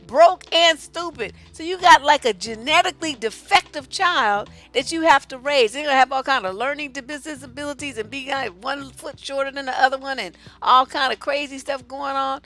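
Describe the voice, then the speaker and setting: A woman's voice: sits high, normal speed, few pauses. A woman relationship coach, giving blunt, profane, sassy advice while answering viewer questions on a live stream. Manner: profane, sassy, animated storytelling.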